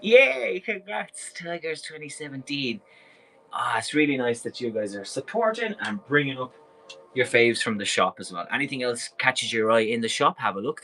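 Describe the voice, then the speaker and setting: A man's voice: medium pitch, expressive, brisk, pushed and bright, poor audio. An Irish man hosting a live clothing sale, talking in a chatty, enthusiastic and rambling way. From Ireland. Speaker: live-stream clothing seller. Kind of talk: casual live sales patter.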